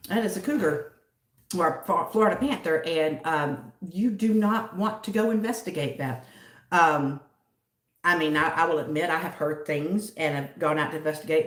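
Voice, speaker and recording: A woman talks loosely and at length, answering viewers one by one in a slightly low voice. She sounds a little distant from the microphone, and the room adds a noticeable echo. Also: a bit bright. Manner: rambling, chatty, answers viewers by name. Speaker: livestream host reading chat. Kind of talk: casual chat. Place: home in a city. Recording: roomy echo, distant from the mic.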